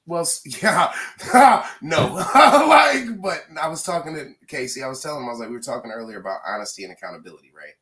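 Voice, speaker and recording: A man co-hosting a podcast in casual, profane chat, talking in an animated way and swearing freely. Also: a little high, a little fast, a crowd in the background. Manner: animated, swears freely, bursts into loud laughs. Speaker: podcast co-host.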